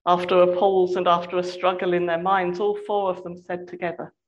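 A woman reading a novel aloud in a measured, expressive storytelling voice. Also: on the low side, dull audio. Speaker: reader.

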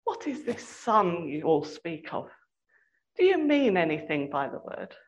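A woman voicing a soft-spoken, coaxing enchantress queen in a hushed, cooing tone. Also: medium pitch, animated, a little slow, natural voice.

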